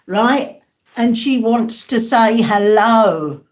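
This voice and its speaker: Slow, hesitant woman medium. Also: fairly high pitch. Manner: hesitant, calls listeners darling and sweetheart. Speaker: spirit medium. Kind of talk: live mediumship reading to an online audience.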